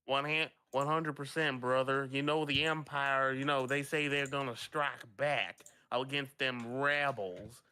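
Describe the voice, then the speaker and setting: A folksy redneck space grunt, as a man puts him on, drawling along with a bright, forceful voice. He talks in an easy, homespun way. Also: medium pitch, steady tone, unhurried, hardly any pauses, clean tone.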